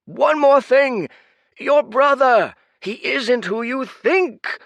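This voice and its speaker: A man voicing an ancient, weary high priest who is pompous yet desperate, calling out in shrill, wheezing shouts. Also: very animated, slow pace, slightly rough, dry recording, dull audio, full character voice. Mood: shrieking, desperate.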